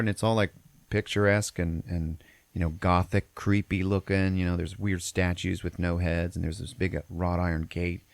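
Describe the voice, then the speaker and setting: Deep, gravelly, swearing podcast host. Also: male voice, dry recording. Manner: profane, rambling storyteller. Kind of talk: casual movie recap.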